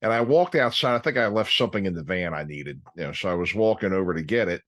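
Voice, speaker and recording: A man hosting a casual chat and telling a relaxed, drawn-out story. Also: deep voice. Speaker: host.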